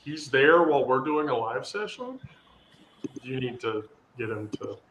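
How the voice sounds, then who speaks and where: A man telling a rambling, animated story in casual chat, full of restarts and fillers. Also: mid-range voice, measured pace, slight background noise. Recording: echoey room.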